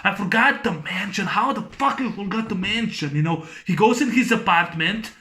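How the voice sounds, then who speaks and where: A man recording a casual movie discussion video, rambling excitedly with many restarts and fillers. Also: sits high, moderate pace. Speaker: YouTube film reviewer.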